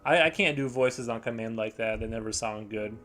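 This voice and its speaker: A man's voice: fairly low pitch, brisk, a bit bright. Rambling, hesitant male streamer. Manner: rambling, hesitant, many fillers and restarts. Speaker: live-streaming artist. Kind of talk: casual chat while painting on stream.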